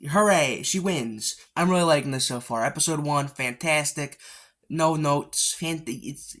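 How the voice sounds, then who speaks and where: A man's voice: a little high, measured pace, a bit bright. A man giving a casual, rambling recap of an anime episode, full of fillers and mild swearing, often jumping into characters' lines with a raised voice.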